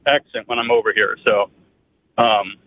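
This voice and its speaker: A man's voice: fairly low pitch, fairly even intonation, moderate pace. Male caller on a tinny phone line. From Pennsylvania. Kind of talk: phone-in call.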